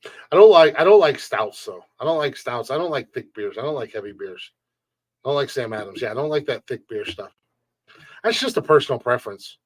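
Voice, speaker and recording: A man's voice: mid-range voice, lively intonation, brisk, slightly rough, dry recording. Profane, joking man on a live stream. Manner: blunt, profane, joking rants; laughs often between remarks. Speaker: podcast host reading chat. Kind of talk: casual live-stream chat.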